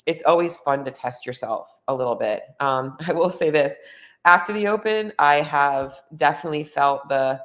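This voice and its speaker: Speaking at a normal pace in a low-pitched voice, a woman hosting a podcast opens up about her personal experience. The monologue is loose and talkative, full of "like" and "um," and she gets visibly emotional.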